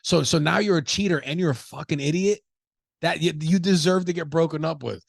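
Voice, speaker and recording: A man's voice: fairly high pitch, expressive, normal speed, creaky, no echo, clean studio sound. A young adult man from the United States hosting a podcast, riffing casually with profanity, jokes and rhetorical questions. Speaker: podcast host.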